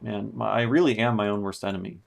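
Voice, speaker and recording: A young man with a lowish, gravelly voice talks through his music mix on a live stream, muttering and swearing as he works. Keyboard typing sounds sit behind his casual, frustrated running commentary. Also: fairly even intonation, fast talker. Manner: frustrated, swearing, thinking aloud while tweaking. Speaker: music producer streaming his mixing session.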